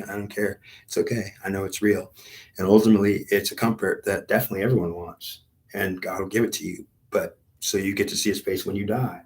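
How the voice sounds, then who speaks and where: Deep-voiced man telling a rambling story. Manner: meandering, repetitive, with many fillers and restarts.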